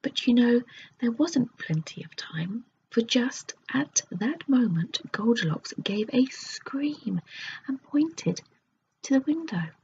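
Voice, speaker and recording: A woman reading a children's fairy tale aloud in a soft, unvoiced ASMR whisper. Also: fairly high pitch, sing-song, slow pace. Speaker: ASMR storyteller. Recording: dull lo-fi recording with faint hiss.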